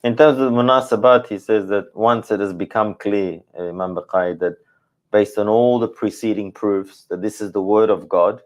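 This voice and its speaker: Low-voiced man thinking aloud. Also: moderate pace, darkish tone. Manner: thinking aloud, hedging and self-correcting. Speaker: Quran teacher. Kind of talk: scholarly study discussion.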